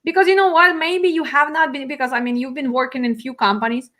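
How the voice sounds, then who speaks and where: Animated emphatic high-voiced woman host. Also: quick pace. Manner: emphatic, animated, repeats "you know what". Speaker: host and dispatch trainer. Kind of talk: casual interview.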